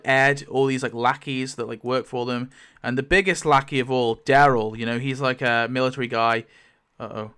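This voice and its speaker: Male YouTuber, rambling casual commentary, clear smooth voice, mid pitch. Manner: rambling, lively, many fillers and laughs. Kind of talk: casual commentary while spinning a wheel.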